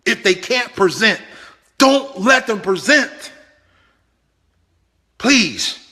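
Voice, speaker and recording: A man giving a motivational business talk, animated and pleading, repeating himself for emphasis. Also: sits high, drawn-out words. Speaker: business trainer.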